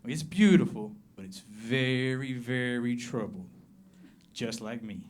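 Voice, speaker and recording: A man from southern Appalachia with a Southern American accent, performing a stand-up comedy set and slowing his punchlines down to a deadpan. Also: mid-range voice, slight background noise. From southern Appalachia, USA. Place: comedy club with live audience.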